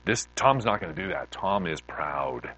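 A middle-aged man preaching, telling an emotional testimony story with heartfelt repeated words that build in excitement. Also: sits low, moderate pace, poor audio.

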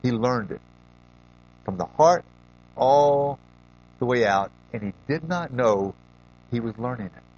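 A man retelling a film scene in a sermon-like talk, rambling with restarts and frequent throat-clearing, on a dull lo-fi recording. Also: medium pitch, expressive, a little slow, pauses often, darkish tone. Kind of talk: sermon-like storytelling.

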